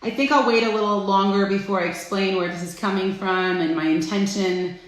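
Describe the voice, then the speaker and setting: A middle-aged woman hosting a casual live stream, chatty and friendly, greeting viewers by name with bursts of excitement. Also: mid-range voice, a little fast. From Florida. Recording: echoey room.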